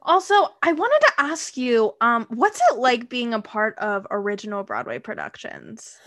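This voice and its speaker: A young adult woman hosting a podcast interview, eager and quick to laugh as she reacts to her guest. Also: fairly high pitch, very animated, a bit bright. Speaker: podcast host.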